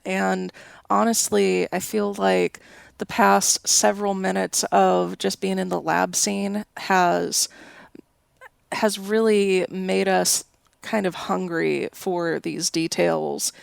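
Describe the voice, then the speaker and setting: A woman co-hosting a podcast, giving slow, thoughtful commentary in casual chat. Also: fairly low pitch, vocal fry, no room sound. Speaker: podcast co-host.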